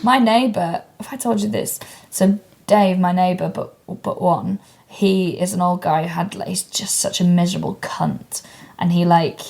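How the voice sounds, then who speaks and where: A woman's voice: on the low side, fairly even intonation, normal speed, gravelly, a little mellow. A woman, co-hosting a comedy podcast in casual chat and telling stories bluntly, with plenty of swearing. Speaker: podcast co-host.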